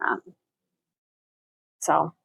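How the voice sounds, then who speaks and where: A woman who teaches literature chats thoughtfully in a casual interview, using lots of fillers and restarts. Her voice is a bit bright and extremely slow, with no echo.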